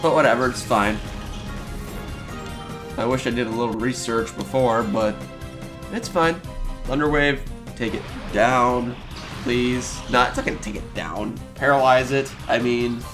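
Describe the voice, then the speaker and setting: An excitable young man records video game commentary with faint game music behind him. His pitch sits mid-range for a man, and he reacts out loud as he plays. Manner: excitable, talks to the game characters, quick exclamations. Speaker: let's play host.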